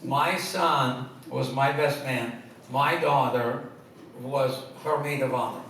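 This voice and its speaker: A man's voice: mid-range voice, fairly even intonation, slow. A man telling funny personal stories to a live audience, stumbling over restarts and laughing at his own punchlines. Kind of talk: humorous personal storytelling. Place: stage before a live audience. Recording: echoey hall, distant mic, loud noise.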